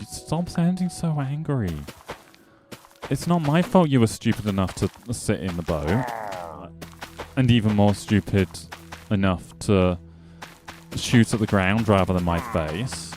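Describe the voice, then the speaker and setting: With a lowish, somewhat dark voice, a male streamer offers loose, wandering commentary on his gameplay. He talks back to his viewers and teases them playfully.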